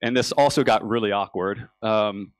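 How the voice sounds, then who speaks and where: A young American man with a fairly low voice gives a business talk on a conference stage at a moderate pace, with no echo. He tells his story casually and restarts frequently.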